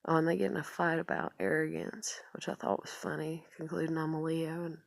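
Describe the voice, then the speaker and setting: A woman's voice: low voice, little pitch movement, fairly quick, gravelly, dry recording. A woman talking in a rambling confessional vlog, full of fillers and trailing off into whispered asides. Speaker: vlogger.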